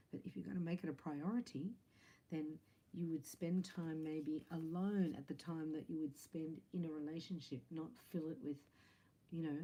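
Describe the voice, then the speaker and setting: A woman's voice: low-pitched, mellow, low-quality recording. A woman giving a spiritual love reading to camera, chatty and encouraging, often checking in with "right?" and "you know". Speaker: psychic reader.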